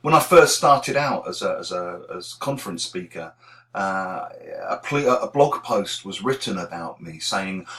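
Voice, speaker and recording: A man's voice: low voice, expressive, measured pace, bright, forceful tone. A man from England with a regional English accent, giving candid, opinionated reflections as a teacher trainer. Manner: candid, opinionated, self-deprecating. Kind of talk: reflective talk to camera.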